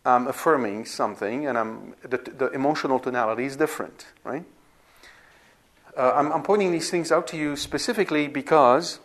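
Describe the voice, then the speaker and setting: A man giving a classroom lecture on scripture, at a middle pitch. He explains step by step and stops now and then to make sure the students follow. His delivery is unscripted and conversational, with small restarts. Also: fairly bright tone. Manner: explanatory, repeats himself with frequent "right?" checks and restarts. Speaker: Bible teacher.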